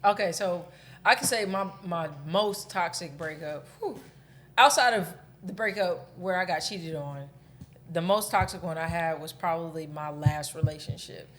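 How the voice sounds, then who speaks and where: A woman's voice: lowish voice, moderate pace. A woman in her thirties, a podcast co-host, telling a breakup story candidly in casual chat and swearing freely.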